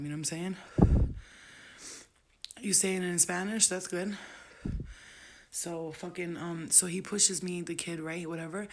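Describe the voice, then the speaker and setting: A woman, telling true stories casually, profane and animated, often laughing. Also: low-pitched, background noise. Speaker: storyteller host. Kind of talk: casual storytelling live stream.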